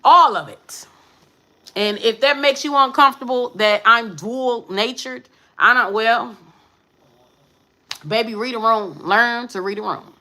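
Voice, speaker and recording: A woman tarot reader talking to her viewers in a brash, profane, sassy way, with emphatic bursts and quick muttered asides. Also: a little high, pushed and bright, poor audio. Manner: emphatic, with sudden drops to mutters. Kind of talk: live tarot reading monologue.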